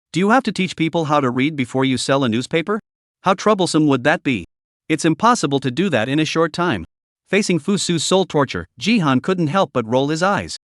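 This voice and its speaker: Brief: male recap narrator, very fast delivery, bone-dry sound. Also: on the high side, no echo. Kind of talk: scripted story narration.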